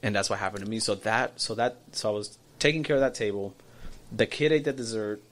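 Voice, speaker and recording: Over drinks, a man in his thirties tells a story as a podcast guest, speaking on the low side at a brisk clip. He's animated, acting out the people involved and often repeating and restarting his words.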